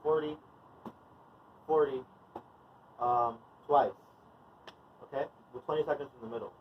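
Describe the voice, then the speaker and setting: A man's voice: mid-range voice, unhurried. A man leading a movement and wellness class in a loose, conversational way, full of fillers and restarts. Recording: distant mic, dull sound, faint noise.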